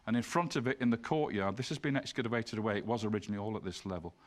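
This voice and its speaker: A man's voice: lowish voice, animated, rapid-fire. Man giving an illustrated lecture. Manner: explains slide by slide, pointing things out; reads scripture passages aloud.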